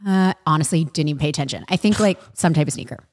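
A woman's voice: low-pitched, quick pace. A young woman co-hosting a casual podcast, animatedly telling a dating story and acting out the quotes. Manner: animated, acts out quotes while telling stories. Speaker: podcast co-host.

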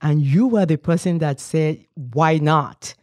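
Slow, mellow-voiced woman host. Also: low voice, no echo, studio quality. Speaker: podcast host. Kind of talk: interview hosting.

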